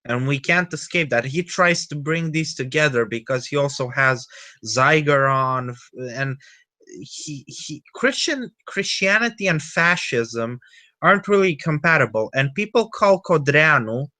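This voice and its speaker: A man's voice: fairly high pitch, expressive, unhurried, bright, forceful tone. A man from Romania, holding forth in a casual group podcast chat. He lectures with frequent restarts and hesitations.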